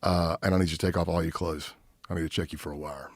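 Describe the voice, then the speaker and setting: A man's voice: sits low, fast, dry recording. A middle-aged man, a retired agent, telling a story in a casual podcast interview and acting out the lines of the people in it. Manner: animated storyteller, acts out quotes. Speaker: guest, retired FBI agent.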